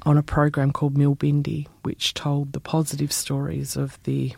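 Gravelly, animated Australian man. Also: fairly high pitch, moderate pace, dry recording. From Perth, Western Australia. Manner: expressive, animated storyteller. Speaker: musician, former journalist. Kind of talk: interview storytelling.

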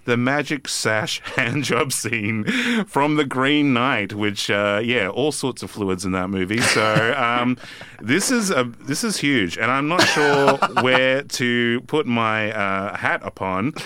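A man's voice: mid-range voice, slow pace, background noise. A man co-hosting a casual film podcast, talking with lots of hesitant fillers.

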